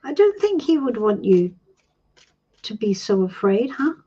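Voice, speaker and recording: Middle-aged British woman, tarot host; warm, encouraging coaching talk, animated delivery over slightly muffled stream audio. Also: on the high side, a little slow, slightly rough. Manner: warm, reassuring, calls people sweetie. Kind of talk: live-stream coaching chat.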